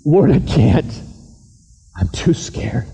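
A man voicing a terrified man hanging from a cliff in the dark, shouting and pleading for help. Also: medium pitch, sing-song, slow pace, gravelly, breathy edge, exaggerated voice. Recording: echoey church hall.

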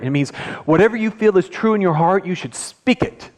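A man's voice: fairly high pitch, animated, brisk. A male pastor giving a conversational sermon, often checking in with the audience with questions. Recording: echoey hall.

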